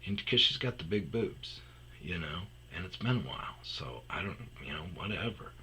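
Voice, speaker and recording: A man's voice: low-pitched, expressive, moderate pace, sharp tone, a little hiss or hum, rough recording. A man hosting a podcast, rambling through a personal story and trailing off into mumbles. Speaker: podcast host.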